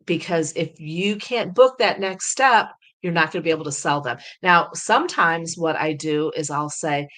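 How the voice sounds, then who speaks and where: Woman coach, low-ish voice, upbeat persuasive teaching tone. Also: normal speed, hardly any pauses. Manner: talks through sample scripts, energetic and persuasive. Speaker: sales coach. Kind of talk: coaching lesson.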